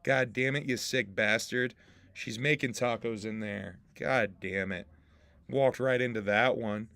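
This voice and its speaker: A man's voice: medium pitch, measured pace, gravelly, fairly bright tone, clear, resonant tone. A man hosting a casual livestream podcast, joking with his chat, laughing often and swearing freely. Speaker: podcast host and rapper.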